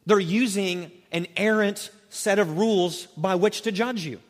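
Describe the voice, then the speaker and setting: A man preaching a Bible sermon with animation, dropping low and quiet on key words. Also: measured pace. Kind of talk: expository sermon. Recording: long reverb from a large hall.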